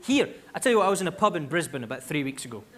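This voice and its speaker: A Scottish man doing live stand-up comedy on a concert hall stage, telling stories in an animated way with quick asides. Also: on the high side. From Scotland. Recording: live theatre recording, loud crowd laughter.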